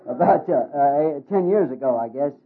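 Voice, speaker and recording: Heard through a tinny, phone-like radio recording with background noise, a man who works in ministry tells jokes in a folksy, hesitant humorous talk. His voice leans high.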